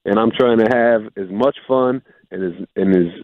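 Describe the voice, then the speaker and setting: A former pro football player calls in to a radio show, a man with a somewhat low voice who talks in a laid-back, upbeat way full of "like." The call comes through a tinny phone line that sounds dry and close. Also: moderate pace, no echo. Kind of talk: casual radio interview.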